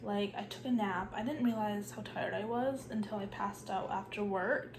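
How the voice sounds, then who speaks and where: Speaking at medium pitch and a moderate pace over background noise, a young woman vlogs casually despite a cough and sore throat. She's chatty, uses "like" constantly, and at times lowers her voice to a whisper.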